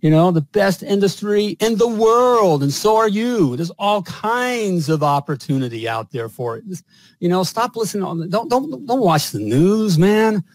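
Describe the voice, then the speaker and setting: Brief: loud, bragging male podcast host, slightly high voice, dead-dry studio sound. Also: expressive, moderate pace, dry recording, low-quality recording. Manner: boastful, hyped, repetitive fillers. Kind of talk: energetic podcast hosting with sponsor read.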